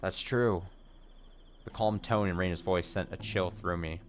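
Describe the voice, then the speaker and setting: A man hosting a let's play reads a visual novel's text aloud in a steady, low-pitched voice at a measured pace, dropping in short wry asides.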